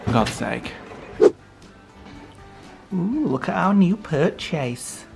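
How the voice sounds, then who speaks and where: A man co-hosting a home vlog in casual chat, excitable and teasing, quick to laugh. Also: fairly high pitch, vocal fry, faint music behind. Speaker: vlogger, co-host.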